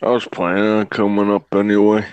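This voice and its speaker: A man's voice: on the low side, monotone, a little fast, smooth, no room sound, highs cut off. A laid-back man casually joining a voice chat, swearing offhandedly. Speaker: voice chat participant.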